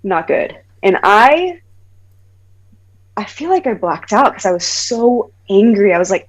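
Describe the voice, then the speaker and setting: A woman in her thirties, a podcast guest, telling a personal story in conversation, animated, acting out the voices of the people she quotes, with many "like" fillers. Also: on the low side, normal speed, rough recording. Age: 30s.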